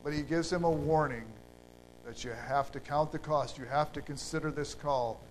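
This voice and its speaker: Guy preaching, slow and halting, lots of ums, light hum in the background. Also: a little high, rough recording. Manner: unhurried, halting, with fillers and restarts. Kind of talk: sermon.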